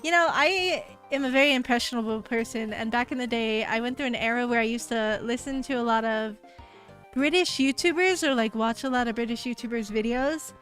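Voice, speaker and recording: Young woman streamer, a bit high-pitched, chatty and upbeat, reads chat aloud, faint music underneath. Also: fairly quick, a bit bright. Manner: chatty and upbeat, reads viewer messages aloud, laughs often; heavy use of "like" fillers. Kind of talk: casual live-stream chat with viewers. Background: faint background music.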